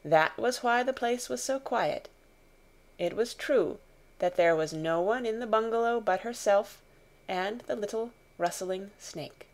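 A woman narrating a classic novel as an audiobook reader, in calm, even storytelling. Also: mid-range voice, unhurried.

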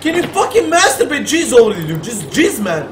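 A man giving profane, excitable commentary while playing a horror game, swearing and talking back at the characters on screen. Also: extremely high pitch, a little fast, echoey room, soft background music, poor audio. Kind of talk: profane let's play commentary.

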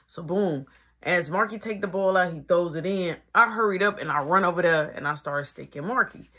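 A young woman spins a casual story for her channel in a slightly husky voice. She talks loose and slangy and acts out everyone's dialogue with plenty of flair. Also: lowish voice, normal speed, fairly bright tone.

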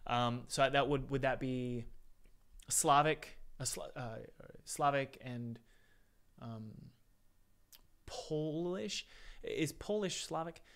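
A man's voice: medium pitch, slow, pauses often, fairly bright tone, smooth. A man hosting a live-stream Q&A, chatty and upbeat, calling his viewers guys. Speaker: game dev course host answering live chat.

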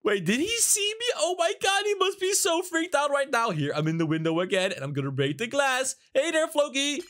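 A man's voice: very high-pitched, very animated, brisk, bright, forceful tone. A man hosting a gaming video, giddily narrating his pranks move by move. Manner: giddy and scheming, narrates each move. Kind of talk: excited gameplay commentary.

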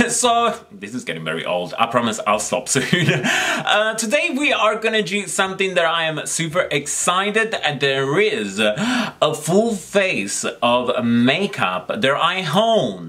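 A man's voice: on the high side, pushed and bright. A man hosting his own makeup channel, chatting casually to the camera in a giggly, rambling way with lots of fillers. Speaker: makeup vlogger, channel host.

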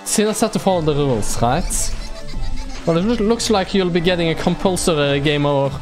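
A man's voice: fairly high pitch, a little fast, soft background music, natural voice. A taunting sadistic robot warden, read out by a man. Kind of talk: reading game dialogue aloud.

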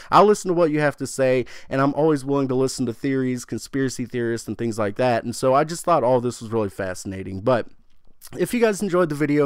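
An excitable young man hosting a gaming channel, swearing freely and rambling as he chats through his theory. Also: mid-range voice, clear, resonant tone, no echo, clean studio sound. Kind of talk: casual video commentary on a game storyline.

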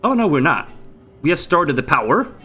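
A man with a Swedish accent, doing joking, excitable let's play commentary with loud outbursts and swearing. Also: on the high side, normal speed, husky. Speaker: gaming streamer.

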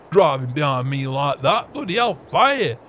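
A man's voice: on the high side, very animated, takes it slowly, a bit bright, a little hiss or hum, heavily acted. An actor playing a grumpy old male farm boss, grumbling, swearing and scolding in a game roleplay.

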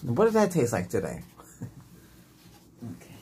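A man in a whispered role-play as an emergency doctor, giving soft, patient, gentle instructions. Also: medium pitch, wildly swooping pitch, moderate pace. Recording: noisy hiss and clicks.

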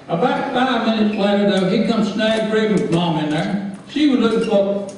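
A man telling a folksy story to a live crowd, animated and laughing as he goes. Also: sits high, moderate pace, slight background noise. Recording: echoey hall from far off.

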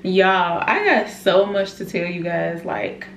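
A chatty, excitable young mother of an infant vlogs in a spacious room at home, calling viewers y'all and using lots of fillers. Her female voice is medium-pitched and a little slow. The camera is nearby and gets moved as she talks, with faint background noise in the room.

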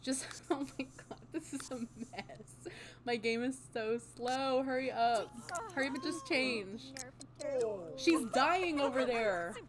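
A young woman giving casual, excitable gameplay commentary, swearing and exclaiming often. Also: high-pitched, slow, noisy background. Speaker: gaming channel host.

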